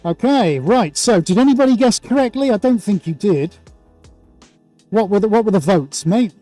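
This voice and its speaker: A man's voice: high-pitched, lively intonation, moderate pace, mellow, no echo, soft background music. A man hosting a live painting stream, chatting playfully and greeting viewers by name. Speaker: livestream host and painter. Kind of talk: casual livestream chat.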